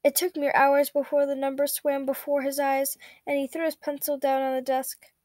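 A woman reads a story aloud in a high voice, at a steady pace with small slips she corrects as she goes. The sound is dry and close, with no room echo. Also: moderate pace. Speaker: fanfiction reader.

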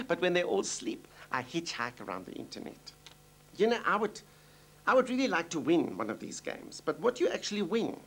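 A man's voice: high voice, wildly swooping pitch, normal speed, a bit bright, slightly rough, full character voice. A man playing a fussy old South African mother. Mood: chatty. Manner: gossipy, doting, exclamatory. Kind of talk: TV sitcom acting.

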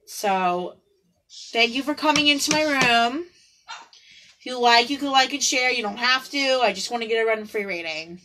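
A woman giving casual tarot readings on a livestream, chatty and giggly, dropping into soft prayers to her spirit guides. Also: on the high side, lively intonation, moderate pace, slight background noise, low-quality recording. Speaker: tarot card reader. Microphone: phone or computer on a live video stream.

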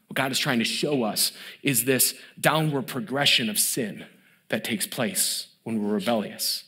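Unhurried, a thirtysomething pastor delivers a sermon that grows more emphatic as it builds. On key words, his voice sinks to a low hush.

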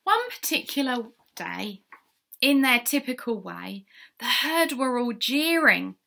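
Slow, bright-toned woman reading a children's story. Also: a little high, big pitch swings, gravelly. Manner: sing-song, asks the listener questions. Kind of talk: reading a rhyming picture book aloud.

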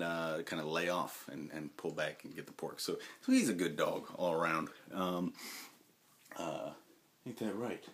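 A man with a low voice chats casually to the camera at home. He rambles, stops and restarts, and fills his pauses with ums and uhs. Now and then he turns to his dog and talks to it in a fond, raised voice. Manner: rambling, halting, lots of fillers and restarts. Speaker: vlogger.

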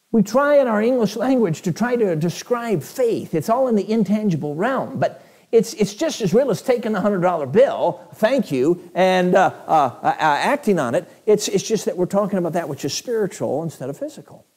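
A man's voice: high voice, expressive, moderate pace, darkish tone. A male evangelist preaching a sermon in a church, telling stories in a conversational way with chuckles.

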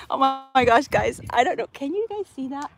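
A young woman, a parrot trainer, chatting casually on a phone live stream outdoors, cooing at her bird and exclaiming excitedly. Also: high-pitched, normal speed. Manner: animated, cooing baby talk to her bird; frequent laughter, excited exclamations. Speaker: parrot trainer, channel host. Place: outdoors in open country.

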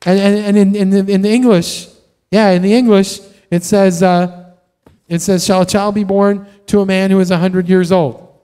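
A man preaching a sermon in a conversational, animated way, often tossing in "right?" to the congregation. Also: sits high, moderate pace, clear, resonant tone, in a large hall. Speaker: pastor. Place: church sanctuary.

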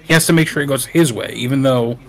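A man chatting loosely with friends while streaming a game, loud and profane. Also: mid-range voice, fast, creaky, a little hiss or hum, rough recording. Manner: loud, swears, laughs a lot. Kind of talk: casual gaming chat.

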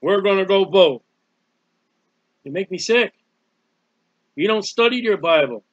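A man's voice: high-pitched, expressive, a little slow, no echo. A man preaching a fiery sermon, scolding and mocking his listeners. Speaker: street preacher. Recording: dull, dry lo-fi recording.

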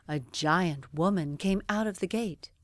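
A woman reading a bedtime story aloud, gentle and even. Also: fairly low pitch, a little slow, dry recording, studio quality. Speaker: narrator.

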